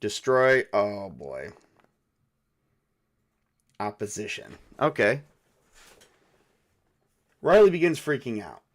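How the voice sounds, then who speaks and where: A man's voice: lowish voice, wildly swooping pitch, slow pace, pauses often. A man narrating and playing a solo tabletop game, thinking aloud with many fillers. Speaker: game master and solo player.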